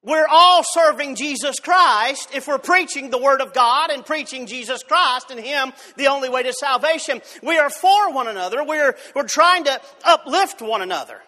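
High-voiced fervent preacher. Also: male voice, expressive, moderate pace, few pauses, bright, forceful tone. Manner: fervent, repeats words and restarts often. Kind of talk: sermon. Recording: long hall reverb.

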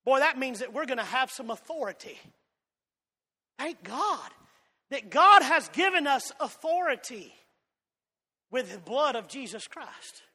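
A man with a Southern drawl from Georgia, preaching a fiery sermon that swings between loud shouts and soft asides. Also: very high voice, very animated, measured pace, long pauses, husky. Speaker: pastor. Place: church sanctuary. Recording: long hall reverb.

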